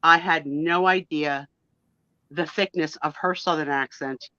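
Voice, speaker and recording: A woman with a New Jersey accent telling stories on a casual live stream, animated and self-mocking. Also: sits low, a little slow, no echo, highs cut off. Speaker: co-host of a live sale stream. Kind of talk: casual storytelling chat.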